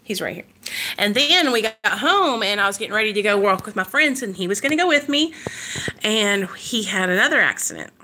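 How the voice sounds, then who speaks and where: Bright-voiced young mother chatting candidly. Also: mid-range voice, expressive, brisk, slight background noise. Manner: rambling, full of "like" and "you know". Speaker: mother sharing her recovery in a live video. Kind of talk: candid casual live chat.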